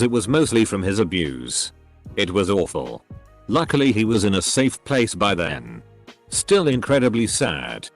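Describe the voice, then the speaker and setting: A man with a low voice reads posts aloud in steady, scripted narration. His pitch moves a lot, which gives the reading a lively lilt. Soft music plays faintly underneath.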